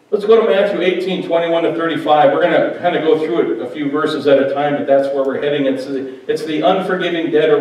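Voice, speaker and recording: A male pastor gives a relaxed, conversational sermon and teases people in the congregation by name. His voice sits a bit high for a man. It rings through a very echoey church hall, picked up from some distance away. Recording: very echoey hall, mic far off.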